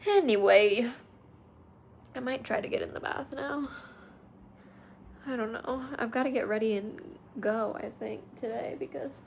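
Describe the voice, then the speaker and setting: A woman's voice: on the high side, unhurried, gravelly, long pauses, slight background noise, rough recording. A young woman vlogging casually from her car, talking frankly and swearing as she vents. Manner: frank and profane, venting. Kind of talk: casual vlog talk. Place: car, driving.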